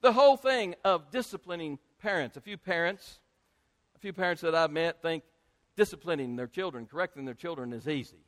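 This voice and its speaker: A male pastor preaching a sermon to his congregation, speaking emphatically and rising to loud peaks. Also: a little high, a little fast. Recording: long hall reverb.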